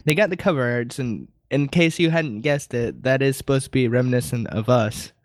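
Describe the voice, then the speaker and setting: A man's voice: mid-range voice, moderate pace, no room sound, studio quality. A man co-hosting a casual podcast, chatting loosely and laughing often. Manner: laughs often, animated delivery. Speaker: podcast co-host. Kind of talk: casual chat.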